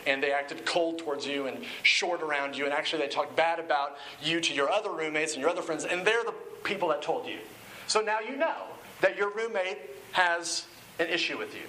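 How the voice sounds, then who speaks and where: A male pastor preaching a sermon in an animated, conversational way. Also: a little high, a little hiss or hum, low-quality recording. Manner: conversational, animated, acts out quoted shouting.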